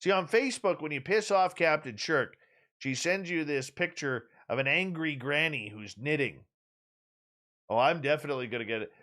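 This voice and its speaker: Animated, teasing male radio host. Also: a little high, normal speed. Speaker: radio talk show host. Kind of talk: casual chat.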